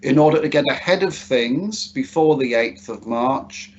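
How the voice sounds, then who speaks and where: A man's voice: mid-range voice, lively intonation, measured pace, dull audio, slight background noise. A British man giving a formal online address to parents as head of a school, courteous and full of "uh"s and stammered restarts. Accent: British English.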